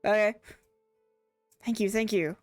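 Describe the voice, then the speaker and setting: A woman's voice: mid-range voice, fairly even intonation, a little slow, no echo. A giggly, chatty woman streams a game live, her throat a little sore, joking to herself between quests. Her voice is close and dry, with faint game music playing underneath. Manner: giggly, chatty, self-mocking. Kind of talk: casual live gaming stream.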